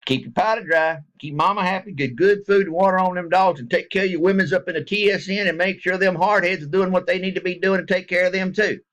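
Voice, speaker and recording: A middle-aged man with a drawl and a fairly high voice. He talks in a folksy, rambling, joking way, addressing his viewers directly in casual chat. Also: fairly even intonation, fast talker, few pauses, fairly bright tone. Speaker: vlogger. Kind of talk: casual direct-to-camera talk.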